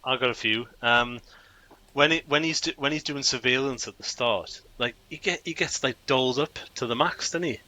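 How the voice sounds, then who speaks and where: Bright-voiced man, dry humor. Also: medium pitch, normal speed. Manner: dry, colloquial, hesitant. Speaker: podcast co-host. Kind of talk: casual movie review chat.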